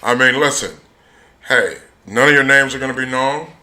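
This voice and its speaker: A man's voice: medium pitch, moderate pace, bright, forceful tone, slight background noise. A man voicing a slick, persuasive male corporate recruiter who coaxes people in a salesman manner. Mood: coaxing. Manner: coaxing, salesman-like.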